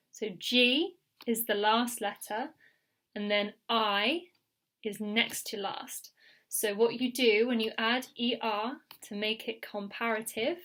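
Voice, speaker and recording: A woman teaching an English grammar lesson, patient and clear, repeating key words and checking in with the learner. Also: a little high, a bit bright. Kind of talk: slow recorded grammar lesson.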